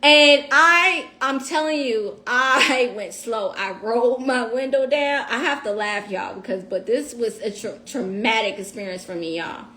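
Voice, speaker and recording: A woman telling a story on a casual livestream. She is animated and profane, and talks straight to her viewers. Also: on the high side, a little slow, few pauses.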